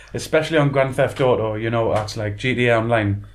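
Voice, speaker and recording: A man, co-hosting a casual podcast chat and telling stories with frequent laughter. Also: medium pitch. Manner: laughing storyteller, chatty and animated. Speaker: podcast co-host.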